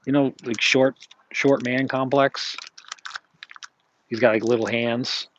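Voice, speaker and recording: A man's voice: medium pitch, steady tone, slow pace, fairly bright tone, highs cut off, slight background noise. A man streaming from his flea market stall, chatting casually in a rambling way, with many fillers and self-corrections. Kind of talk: casual live-stream chat.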